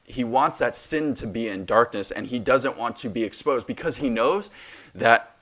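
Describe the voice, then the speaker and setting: A man's voice: mid-range voice, moderate pace, a bit bright. A man in his twenties hosting a solo faith podcast, talking passionately and preachily, with many restarts. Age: 20s. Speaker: podcast host.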